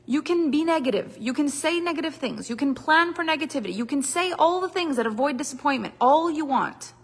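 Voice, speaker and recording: A woman's voice: sits high, lively intonation, fairly quick. Emphatic woman coaching in a reverberant hall. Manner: emphatic, repetitive, dramatic shifts in loudness. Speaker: business coach. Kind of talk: motivational talk to a group.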